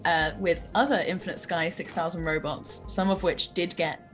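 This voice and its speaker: Brief: slightly low woman, tabletop player, excitable, faint music behind. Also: moderate pace. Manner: excitable, thinking aloud with fillers. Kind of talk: tabletop game player talk.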